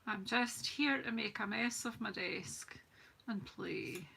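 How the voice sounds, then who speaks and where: A woman's voice: medium pitch, slow, creaky, pushed and bright, slight background noise. A middle-aged woman hosting a live cardmaking demonstration, chatting and poking fun at herself while greeting viewers. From United Kingdom. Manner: chatty and self-mocking, greets viewers from the comments. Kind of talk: live crafting demonstration, casual chat.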